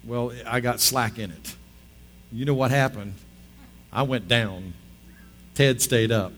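A man's voice: medium pitch, steady tone, slow, fairly bright tone, soft background music. A middle-aged male pastor preaching a sermon, telling a story with chatty asides and rising to emphatic appeals.

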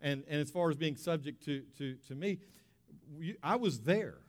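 Male preacher, talky sermon style with repeated emphases, a bit high-pitched, big reverberant hall. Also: animated, normal speed. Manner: conversational preaching with emphatic repetitions and rhetorical questions. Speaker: pastor. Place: church sanctuary.

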